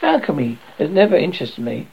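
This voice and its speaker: A man reading aloud, voicing a gruff, impatient male head wizard who speaks brusquely. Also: fairly high pitch, huge pitch swings, fairly quick, darkish tone, exaggerated voice. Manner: brusque and dismissive. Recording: dull lo-fi recording.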